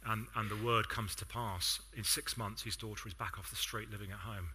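A man's voice: on the low side, fairly even intonation, a little fast, sharp tone, husky. A man with an English accent preaching a sermon, telling stories in a conversational way with self-deprecating asides.

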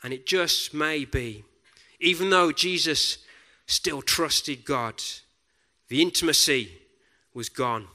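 A man preaching a sermon in a deliberate, reflective way, often dropping to a soft hush on key words. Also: a little high.

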